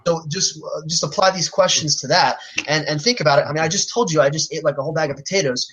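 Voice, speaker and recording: A man's voice: on the high side, fast, fairly bright tone, a little hiss or hum, rough recording. A man in a casual discussion, arguing his case in an emphatic, persuasive, lecturing way. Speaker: vegan advocate in a discussion.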